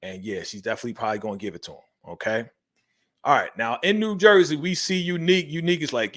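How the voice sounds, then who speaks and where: A man's voice: medium pitch, expressive, a little fast. A man hosting a casual TV episode recap, talking in slang and acting out the characters' lines as he retells each scene. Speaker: TV show recap host.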